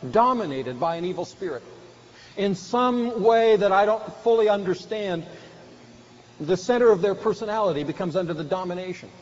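A man's voice: on the high side, a little mellow. A man preaching a sermon with earnest, emphatic delivery that swells at key points. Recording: dull recording with faint hiss.

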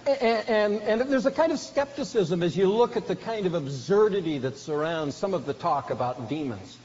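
A man delivers a sermon in an earnest, emphatic way, pressing hard on his key points. His voice sits a little high. The recording is dull, with faint hiss underneath. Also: lively intonation, moderate pace, darkish tone. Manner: earnest, emphatic preaching that swells with feeling. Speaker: preacher.

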